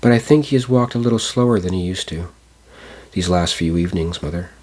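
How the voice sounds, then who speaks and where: A man voicing a quiet, earnest teenage boy in an audiobook reading. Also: low voice, brisk.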